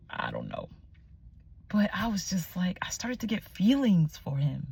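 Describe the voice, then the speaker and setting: Speaking at normal speed with a fairly low, husky voice and vocal fry, a young woman recounts her personal faith story in a casual vlog. She's lively and talkative but often sinks to a near-whisper while hunting for words. There's no echo.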